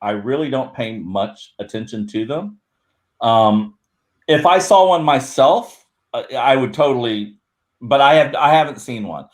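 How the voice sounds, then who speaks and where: A man's voice: medium pitch, lively intonation, a little slow. A man talking as a guest in a casual video-call chat, rambling and correcting himself as he tells a story. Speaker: guest, Bigfoot researcher.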